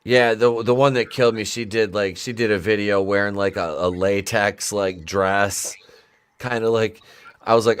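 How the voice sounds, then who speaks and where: A man with a lowish voice chats loosely and casually. He uses a lot of slang and curses freely, keeping things relaxed. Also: moderate pace, smooth. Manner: laid-back, slangy, swears freely. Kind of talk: casual chat.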